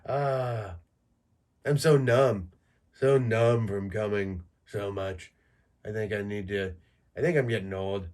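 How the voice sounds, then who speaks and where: A man's voice: on the low side, a little slow, a little mellow. A man in his thirties hosting a solo podcast, talking in a crude, rambling, joking way full of fillers. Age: 30s. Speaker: podcast host. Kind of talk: solo casual monologue.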